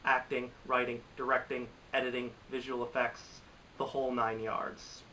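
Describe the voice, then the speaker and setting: A man with a bright, ringing voice rambles through his reactions to bad films, exasperated and often restarting his sentences. He sits a little back from the mic, and a faint hiss runs under the home recording. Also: mid-range voice, level tone, moderate pace, far from the mic, rough recording. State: recovering from a cold. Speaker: movie reviewer. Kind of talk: casual commentary to camera.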